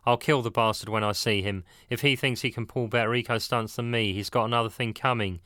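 A hard-drinking young activist, bitter and blunt, in a crisp bright voice at middle pitch. A man narrating gives him lines, dry close sound, little disguise. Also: fairly even intonation, fairly quick, no echo, natural voice. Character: young male angry eco-activist, drinking heavily.

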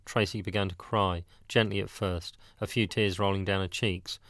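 Low-voiced man reading a story. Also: steady tone, normal speed, a bit bright, no echo, clean studio sound. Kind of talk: scripted narration.

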